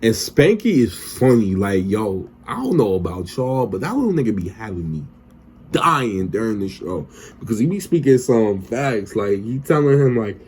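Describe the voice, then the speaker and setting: Very animated and speaking at normal speed, a young man with a lowish, darkish voice recaps a TV episode over faint hiss or hum. As a recap vlogger, he keeps it loose, slangy and full of swearing, voicing the characters as he goes.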